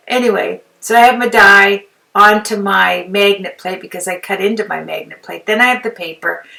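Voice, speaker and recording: Chatty older woman, gravelly voice. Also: medium pitch, a bit bright, far from the mic, rough recording. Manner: chatty, rambling, self-deprecating. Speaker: crafting channel host. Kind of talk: casual voiceover tutorial.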